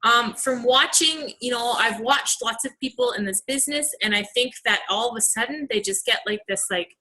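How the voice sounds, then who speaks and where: Woman, bright tone, earnest, chatty, motivational team call, young adult. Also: on the high side, normal speed, poor audio. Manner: earnest, chatty, many fillers. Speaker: team coach leading a call.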